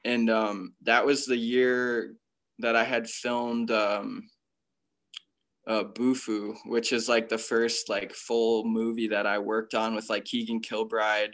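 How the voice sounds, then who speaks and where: This interview guest, a young pro freeskier from Connecticut in the USA, recounts his career in relaxed slang packed with "like" and other filler words. The chat is casual. He speaks with a lowish voice that has a fairly bright tone.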